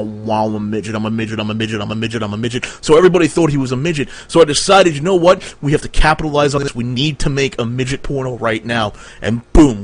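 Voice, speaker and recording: A man's voice: mid-range voice, breathy edge. A young man streaming a game, telling absurd, profane tall tales in a casual, matter-of-fact way at his computer. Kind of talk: casual storytelling while gaming.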